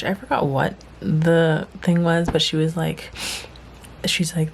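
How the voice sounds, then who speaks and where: A young woman chatting casually in a self-care vlog at home, rambling with lots of fillers, teary and dropping into soft whispers. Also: deep voice, fairly even intonation, slow pace, gravelly, slight background noise. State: teary, emotional. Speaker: vlogger. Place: home, indoors at night.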